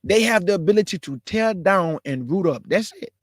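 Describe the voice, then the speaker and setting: A man's voice: sits high, lively intonation, normal speed, dry recording, clean studio sound. A man in his forties giving a casual, emphatic preaching talk as a caller in an online religious discussion, calling his listeners bro and y'all. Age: 40s.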